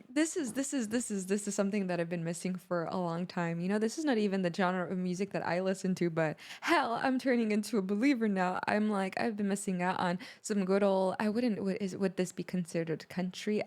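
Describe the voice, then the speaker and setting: A woman hosting a music reaction video, talking in a rambling, excitable way with lots of fillers and restarts. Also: medium pitch. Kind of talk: casual reaction commentary.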